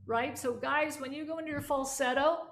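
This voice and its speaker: A woman's voice: sits high, fairly even intonation, a little fast, fairly bright tone, faint music behind. A woman teaching a voice lesson, coaching students through exercises and demonstrating sounds aloud. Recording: echoey room with faint instrument.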